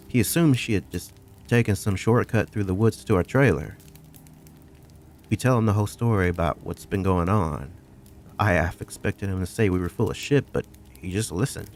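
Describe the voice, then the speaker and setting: A man's voice: on the low side, slight background noise. A man narrating a first-person horror story in a profane, conversational way.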